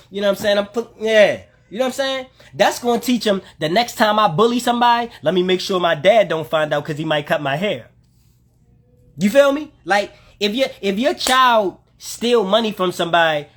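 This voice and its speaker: Ведущий прямого эфира, мужчина, горячо и напористо комментирует, постоянно обращаясь к зрителям. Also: male voice, sits high. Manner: animated, emphatic ranting with repeated asides to the listener. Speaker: livestream host. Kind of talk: heated commentary to live viewers.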